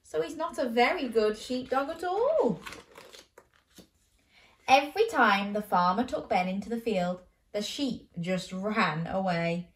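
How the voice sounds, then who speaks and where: A woman's voice: medium pitch, animated, a little slow, reverberant. A woman hosting a children's show, reading a bedtime story aloud playfully and asking the listener questions.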